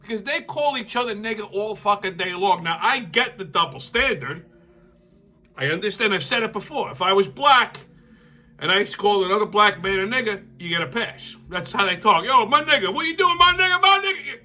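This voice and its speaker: Man, show host, heated profane rant, raised pitch, very sharp tone. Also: moderate pace. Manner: blunt, heated, swears constantly. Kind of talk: profane political commentary rant.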